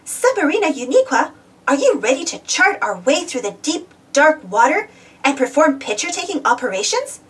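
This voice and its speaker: A woman's voice: sits high, very animated, normal speed, fairly bright tone, voice pushed up. A woman voicing a nervous young female submariner in a storybook read-aloud, heard from a distance. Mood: cautious. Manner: nervous, questioning.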